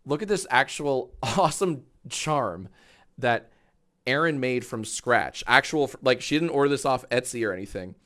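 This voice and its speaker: A man in his thirties hosting a live stream, chatting casually and rambling, swearing freely and switching to a high baby voice for his dog. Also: fairly bright tone. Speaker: livestream host.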